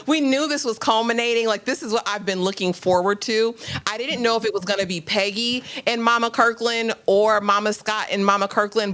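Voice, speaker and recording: A woman hosting a live recap discussion, lively and chatty, acting out lines from the scene. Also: mid-range voice. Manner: animated, acts out lines from the scene. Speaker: host.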